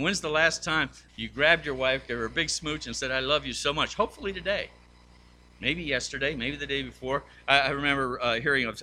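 Bright-voiced man preaching a sermon. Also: medium pitch, a little hiss or hum. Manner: storytelling, acts out quoted voices. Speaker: pastor.

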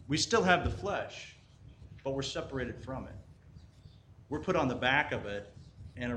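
A man's voice: medium pitch, a bit bright. A man giving an informal sermon, telling a parable in a conversational way and often checking in with "right?". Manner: conversational, repeats "right?", frequent restarts and fillers. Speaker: Christian teacher. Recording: echoey room with faint ambient noise.

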